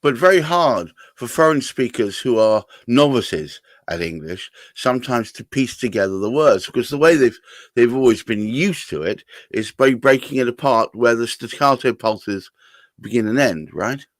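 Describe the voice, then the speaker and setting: A man's voice: mid-range voice, lively intonation, moderate pace, dry recording. A man hosting a live-stream interview, explaining carefully and leading the guest with questions. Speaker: host.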